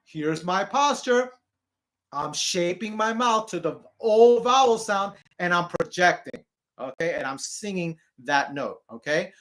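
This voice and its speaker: A man's voice: high voice, lively intonation, unhurried, a bit bright. A man teaching an online singing lesson, explaining posture and technique step by step and checking in often with the learner. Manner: encouraging, repeats "okay?" to check in.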